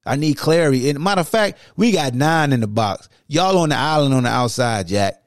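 A man with a gravelly, fry-edged voice talks through a football preview in loose, animated banter, often jumping into coach-trash talk. The sound is dry and close, with no room around it. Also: medium pitch, normal speed, dry recording. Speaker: sports podcast host. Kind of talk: casual football preview chat.

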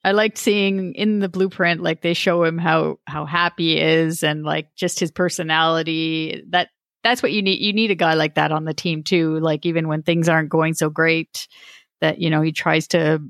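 A woman's voice: low-pitched, little pitch movement, normal speed, dry recording, studio quality. A woman co-hosting a podcast in casual sports chat, talkative and laughing often, with many restarts. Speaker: podcast co-host.

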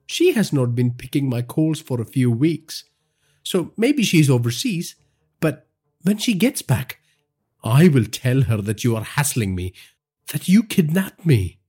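A man reading a crime audio story and voicing a hysterical, grieving young man who whines and rises to shrill cries. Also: big pitch swings, a little slow, darkish tone, breathy edge, faint music behind. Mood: haughty. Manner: whining, rising to shrill cries.

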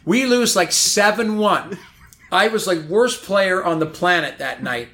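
A man telling a long anecdote in a casual chat, animated and rambling, full of "like". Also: high-pitched, a little slow. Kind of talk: casual storytelling.

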